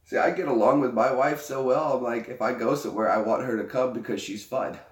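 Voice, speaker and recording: A man's voice: mid-range voice, steady tone, fairly quick, recorded from a distance. A man chatting casually with his viewers, joking and rambling between laughs. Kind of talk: casual chat. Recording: echoey room.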